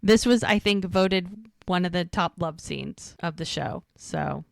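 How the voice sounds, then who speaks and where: A woman's voice: on the low side, measured pace, gravelly, no echo, clean studio sound. A woman co-hosting a podcast, chatting casually and retelling the scenes by acting out the characters' lines. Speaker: podcast co-host. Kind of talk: casual recap chat.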